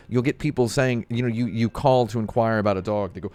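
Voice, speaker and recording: A man streaming, telling a sardonic story as a casual comedic rant, deadpan, with bursts of mock outrage. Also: mid-range voice, fast talker, hardly any pauses, no room sound, soft background music.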